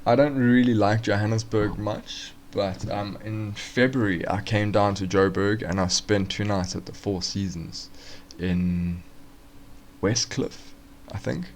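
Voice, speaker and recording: A man's voice: fairly low pitch, steady tone, unhurried, a little hiss or hum. A man casually walking through forex charts on a live stream, thinking aloud with fillers and restarts.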